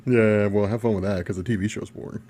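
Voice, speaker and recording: A young man hosting a casual live stream Q&A about comics, chatty and quick to laugh, reading viewer questions aloud. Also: lowish voice, fairly even intonation, dark tone, a little hiss or hum. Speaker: comics channel host.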